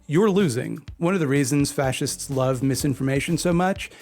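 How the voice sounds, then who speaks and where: A man giving scripted video-essay narration in a measured, didactic way, laying out points one by one. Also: a little high, darkish tone. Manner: measured, didactic, list-like delivery.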